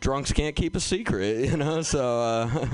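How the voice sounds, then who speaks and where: A man's voice: mid-range voice, a little slow, clean tone. A man hosting a comedy show and telling a stand-up story in a loose way, with lots of fillers. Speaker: comedy show host and comic.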